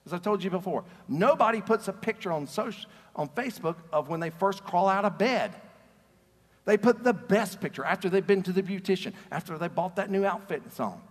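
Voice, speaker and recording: Preaching as pastor, a man with a high-sitting voice speaks fairly quickly and with animation. His sermon is conversational, earnest, and story-driven, with frequent word repetitions at the start of sentences, all echoing with a large hall's long reverb.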